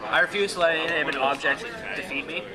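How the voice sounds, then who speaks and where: Tired young guy rambling at a bar, kinda high voice, crowd loud behind him. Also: quick pace. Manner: exhausted, rambling with many fillers. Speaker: food challenger. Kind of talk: casual chat.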